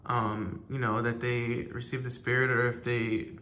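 A man speaking casually off to the side, gently encouraging his partner with suggestions. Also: medium pitch, little pitch movement, measured pace. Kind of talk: casual off-camera prompt.

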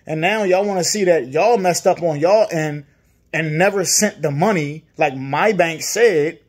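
This customer, a man with a Virginia accent, complains about a dealer at a measured pace in a high-side voice with a breathy edge. His casual monologue is frustrated and repetitive, and he acts out other people's lines.

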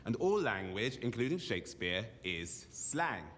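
An actor playing a playful, theatrical teacher, coaching a class in a teasing, animated way. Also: male voice, fairly low pitch, a little slow, a little hiss or hum. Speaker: drama and dance teacher. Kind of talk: film drama. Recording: echoey hall with loud music.

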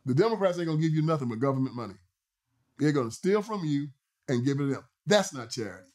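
A man's voice: on the high side, expressive, fast, a little mellow. A man hosting a political commentary show, delivering an emphatic, repetitive, sermon-like monologue. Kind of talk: preachy monologue.

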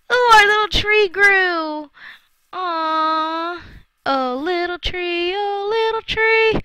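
A woman's voice: very high-pitched, bright, forceful tone, no echo, poor audio. A woman giving chatty let's-play commentary while gaming, talking to her viewers with frequent exclamations. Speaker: gamer.

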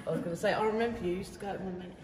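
A man's voice: high-pitched, steady tone, very fast, noisy background. A man chatting in a friendly, reminiscing way with an acquaintance he bumped into. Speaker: bystander. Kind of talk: casual chat. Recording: echoey hall with crowd behind.

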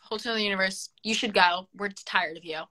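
A woman's voice: mid-range voice, fast, pushed and bright, low-quality recording. A young woman chatting casually as a guest on a phone live stream, teasing and mock-dramatic. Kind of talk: casual chat. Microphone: phone on a live video call.

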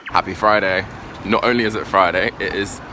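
Walking around the city, on streets and indoors, a cheerful vlogger talks to his camera in a very low voice, brisk and fairly even in intonation. He rambles and restarts sentences, keeping the casual chat light while loud background music plays under him.

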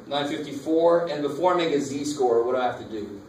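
A man's voice: a little high, a little fast, a little mellow. A man teaching a math lecture, talking casually and asking the class questions. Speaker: math instructor. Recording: echoey classroom from far off, faint noise.

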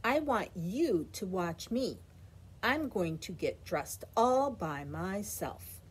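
A woman's voice: medium pitch, animated, slow, husky, full character voice. A woman voicing a playful, bossy little boy who orders his clothes around.

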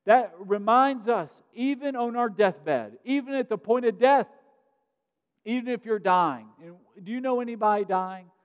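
A man preaching a sermon as pastor, earnest, pushing his voice up for emphasis and then dropping to a quiet tone. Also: very high-pitched, animated, a little slow, clear, resonant tone. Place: church sanctuary. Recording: muffled sound in a reverberant sanctuary.

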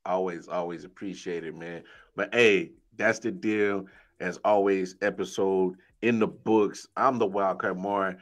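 A man's voice: sits low, fairly even intonation, unhurried. A man hosting a podcast, teasing his co-hosts and wrapping up the episode. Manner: teasing, hypes guests. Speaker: podcast host. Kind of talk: casual podcast banter.

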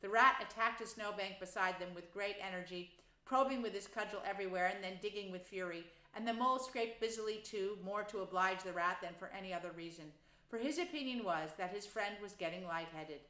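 A woman teacher calmly reading a children's storybook aloud. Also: mid-range voice, a little fast. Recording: roomy echo.

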